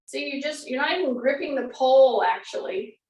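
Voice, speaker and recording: A woman's voice: high voice, lively intonation, moderate pace, a little mellow, far from the mic, a little hiss or hum. A woman fitness instructor, coaching a class through exercises and repeating cues. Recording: echoey room, away from the mic.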